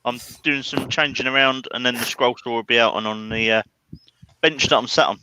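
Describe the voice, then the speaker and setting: A man's voice: medium pitch, fairly even intonation, a little fast, pushed and bright, clean tone, no echo, rough recording. A man, a guest chatting easily with dry quips. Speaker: stream guest. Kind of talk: casual chat.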